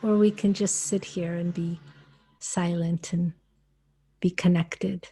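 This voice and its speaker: An American-born woman giving calm, measured spiritual guidance on a webinar call, speaking as "we". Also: lowish voice. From United States. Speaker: spiritual channeler.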